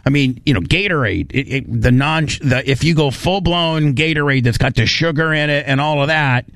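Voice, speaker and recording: A man's voice: a little high, moderate pace, fairly bright tone, no room sound. A man hosting a talk radio show, chatting loosely with many fillers and jokes. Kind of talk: casual talk radio banter.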